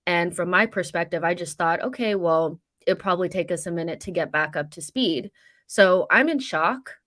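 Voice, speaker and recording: A woman's voice: fairly low pitch, normal speed, fairly bright tone. A woman on a fan panel, talking frankly and at length about a football match. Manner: candid, talkative, frank. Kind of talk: casual match reaction.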